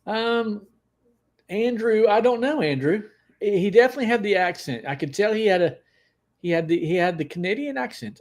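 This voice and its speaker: A man's voice: high-pitched, normal speed. Chatty livestream host, man. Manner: chatty, greets viewers by name, excitable. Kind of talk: casual livestream chat.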